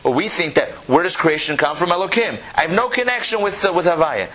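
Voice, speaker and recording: A man teaching a Torah class, animated, repeating phrases and asking his listeners questions. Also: on the high side, fast, slight background noise.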